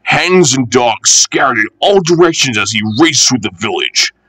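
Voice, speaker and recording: A man reading a children's railway storybook aloud, expressive and animated. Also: medium pitch, moderate pace, no echo, low-quality recording.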